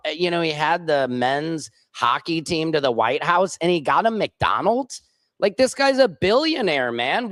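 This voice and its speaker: A man's voice: a little high, fairly bright tone, dry recording. Male livestream host, casual rambling chat, dry close sound. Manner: rambling, chatty, reads viewer comments aloud.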